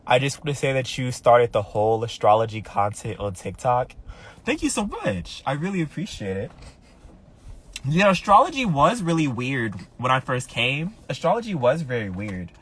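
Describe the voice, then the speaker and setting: A man's voice: mid-range voice, big pitch swings, moderate pace, a bit bright, slightly rough. A man who is an astrologer, in casual live-stream chat, often repeating his phrases as he talks straight to his viewers.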